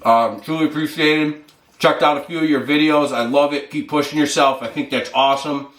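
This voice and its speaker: A man's voice: fairly high pitch, fairly even intonation, a little fast, a bit bright, echoey room, slight background noise. A man hosting a fitness vlog, chatting casually and rambling with lots of fillers while he eats. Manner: rambling, filler-heavy, talks with mouth full. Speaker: fitness channel host.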